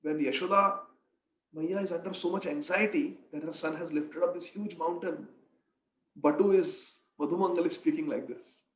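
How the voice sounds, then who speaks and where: A man narrating a devotional story in an earnest, expressive way. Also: a little high. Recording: echoey room, dull lo-fi sound.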